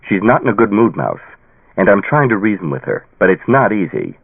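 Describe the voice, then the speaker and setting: A man's voice: fairly low pitch, huge pitch swings, fairly quick, gravelly, husky, no room sound, exaggerated voice. A man voicing a tired, patient father pleading with his daughter in an audiobook. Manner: pleading, patient, sometimes stern. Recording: tinny phone-like dry sound.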